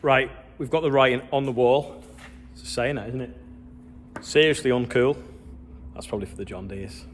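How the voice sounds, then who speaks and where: A man's voice: medium pitch, brisk, slight background noise. A man vlogging casually on his farm, chatting in a rambling way and asking his viewers questions. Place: outdoors on a farm.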